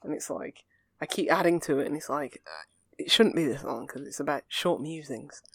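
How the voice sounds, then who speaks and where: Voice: medium pitch, normal speed, creaky, a bit bright. A young adult, a podcast co-host in casual chat who rambles earnestly through fillers and restarts. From England.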